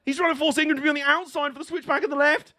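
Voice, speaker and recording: A man streaming a live watch-along of a motor race, excitable and sweary, laughing often as he reacts. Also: extremely high pitch, very fast, no room sound, clean studio sound.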